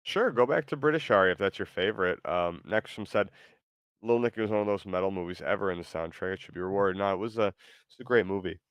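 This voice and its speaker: A man's voice: deep voice, fast, clean tone, no room sound, clean studio sound. A man hosting a stream, chatting casually and reading out viewer messages, hesitant with many ums and restarts. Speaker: streamer host.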